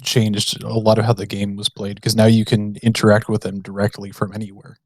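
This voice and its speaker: Low-voiced American man telling stories on a podcast. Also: a little fast, no room sound. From United States. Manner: relaxed storyteller, modest and self-deprecating. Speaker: podcast guest. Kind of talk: casual podcast interview.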